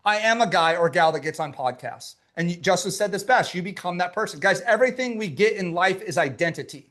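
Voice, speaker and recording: A man giving a motivational workshop as a business coach, emphatic and punchy, repeating his key lines and talking straight to his audience. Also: high-pitched. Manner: emphatic, punchy and repetitive, speaking to a live chat.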